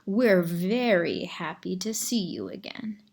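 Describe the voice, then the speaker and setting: A woman's voice: medium pitch, animated, unhurried. A woman voicing a young, bossy female bear in a storybook, sarcastic and mocking.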